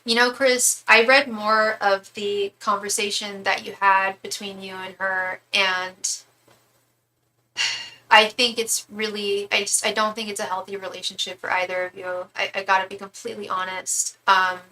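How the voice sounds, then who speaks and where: A woman's voice: mid-range voice, level tone, normal speed, pushed and bright, poor audio. A woman who is a tarot reader, chatting casually and at length during a live-stream reading, with some swearing.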